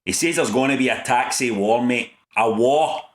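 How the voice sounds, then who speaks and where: A man's voice: mid-range voice, moderate pace, echoey room. A man with a Glaswegian Scottish accent, telling a sweary comic story and acting out the voices in it. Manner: sweary, animated storytelling, acts out quoted voices. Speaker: comedy sketch performer. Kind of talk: scripted comedy chat.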